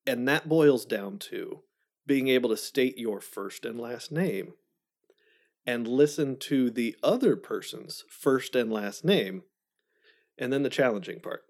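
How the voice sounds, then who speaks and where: Steady advice-giving podcast co-host. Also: medium pitch, a little slow. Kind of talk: casual chat.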